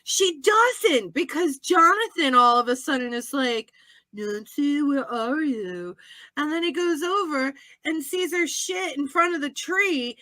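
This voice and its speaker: A high, bright woman's voice that swoops up and down as she chats. She co-hosts a casual podcast, laughs a lot and acts out characters as she talks. The sound is close and dry. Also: lively intonation, a little slow, hardly any pauses, dry recording. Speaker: podcast co-host. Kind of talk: casual chat.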